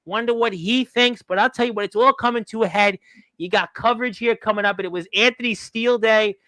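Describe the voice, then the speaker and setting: A man's voice: sits high, fairly even intonation, brisk, sharp tone, no room sound. A man hosting a talk radio show, rambling along with lots of "um" fillers.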